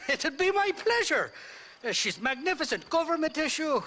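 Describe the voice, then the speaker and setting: An actor playing a drunken, shifty Irish gun-runner who rambles, flatters and laughs a lot, with an Irish accent. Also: male voice, extremely high pitch, normal speed, exaggerated voice. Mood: ingratiating.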